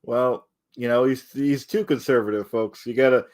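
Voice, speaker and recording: A man's voice: mid-range voice, steady tone, normal speed, a little mellow, close to an everyday voice. A man playing a reckless, scheming businessman who speaks in a folksy way, keeps calling the crowd "folks", and pushes his risky ventures. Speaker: debater in a comedy sketch. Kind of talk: improvised comedy debate.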